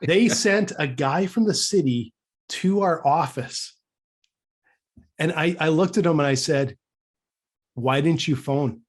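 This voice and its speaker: A man's voice: fairly high pitch, a little slow. A man from Canada co-hosting a podcast, telling a story casually, with many restarts and acting out the dialogue. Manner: animated storyteller who acts out quoted dialogue; frequent restarts and stammered repeats. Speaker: podcast co-host.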